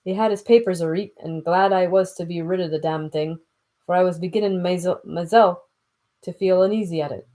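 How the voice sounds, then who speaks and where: This is a gruff, middle-aged Scottish sea captain, put on by a woman reading aloud. He rambles in thick folksy dialect, with a somewhat low, plain voice. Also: brisk, dark tone, lightly acted. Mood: stubborn. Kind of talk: audiobook reading.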